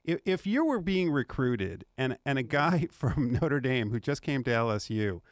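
A man's voice: mid-range voice, sing-song, moderate pace, no room sound, clean studio sound. A man co-hosting a sports radio show, bantering in a playful, coaxing way and stumbling over repeated words.

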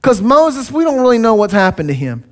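A man's voice: very high-pitched, big pitch swings, a little fast. A man voicing a whiny, excuse-making male Bible leader, pleading and self-pitying.

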